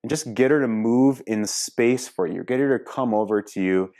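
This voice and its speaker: A man's voice: medium pitch, moderate pace, mellow. A middle-aged man, a relationship coach, talking casually and candidly to viewers, swearing freely and laughing now and then. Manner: candid and profane, laughs easily. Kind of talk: casual talk to camera.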